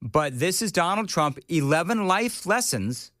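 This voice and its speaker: A man's voice: a little high, big pitch swings, measured pace, a bit bright, dry recording, clean studio sound. A man hosting a morning talk radio show, opinionated and joking. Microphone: studio mic.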